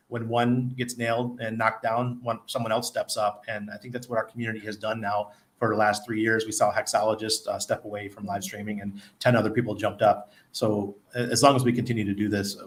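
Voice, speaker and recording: Man, casual streamer, lower voice, quick to laugh. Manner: laughs often, self-deprecating storytelling. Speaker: crypto livestreamer. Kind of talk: casual livestream chat.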